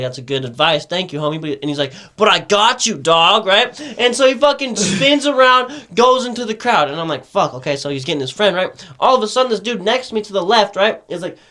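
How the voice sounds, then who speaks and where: High-voiced young man telling a rambling story. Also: fairly quick, hardly any pauses. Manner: rambling, profane, animated storytelling with lots of "right?". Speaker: podcast host telling a story. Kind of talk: casual storytelling.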